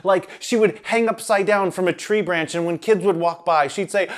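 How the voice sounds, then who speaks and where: A man narrating a children's story in an animated, playful way. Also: high voice, brisk, few pauses.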